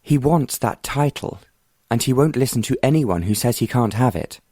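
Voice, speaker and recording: A man voicing a bold, determined young woman who speaks frankly and confidingly, in a mid-pitched voice with little room sound. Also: animated, normal speed, dark tone, slightly rough, dry recording, clean studio sound.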